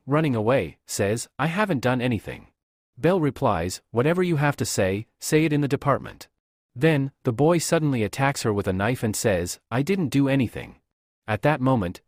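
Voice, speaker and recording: Guy reading a manhwa recap, bouncy pitch, dry close sound. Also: expressive, moderate pace, no room sound. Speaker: narrator.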